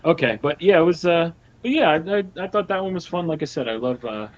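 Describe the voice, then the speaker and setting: A man's voice: on the high side, expressive, a little fast, dull audio. A man casually retelling a cartoon episode as a show host, chatty and rambling with lots of fillers.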